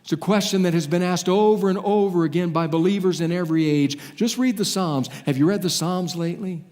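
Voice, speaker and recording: A man's voice: high voice, a little mellow. Man preaching dramatically in a reverberant hall. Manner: dramatic preaching with long pauses and falling phrase endings. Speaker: pastor. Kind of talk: sermon.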